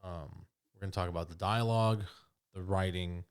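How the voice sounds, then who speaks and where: Blunt, deep-voiced man reviewing a film. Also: steady tone, moderate pace, smooth. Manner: blunt, swears freely, leads the discussion. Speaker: co-host. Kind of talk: casual movie review chat.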